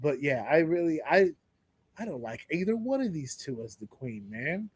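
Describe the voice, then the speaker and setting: A man co-hosting a podcast tells stories in casual chat with lots of energy, swearing freely. His voice is a little high with a breathy edge, at normal speed, in a dry recording.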